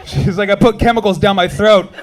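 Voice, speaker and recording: High-voiced man doing punchy stand-up. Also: brisk, a little hiss or hum. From United States. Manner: crowd work, punchy and animated. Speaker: stand-up comedian. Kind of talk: stand-up comedy set. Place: comedy club stage with laughing crowd.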